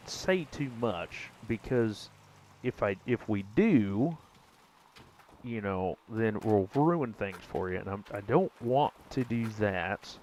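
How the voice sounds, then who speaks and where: A man's voice: on the low side, a little mellow, a little hiss or hum, rough recording. A young man giving casual gameplay commentary, chatting with viewers in a rambling, self-correcting way with mild exclamations. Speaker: gaming streamer.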